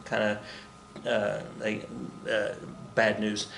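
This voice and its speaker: A man's voice: medium pitch, normal speed, a bit bright, reverberant, slight background noise. A man teaching a casual recorded history lesson, rambling and jokey, muttering to himself and acting out the people he quotes.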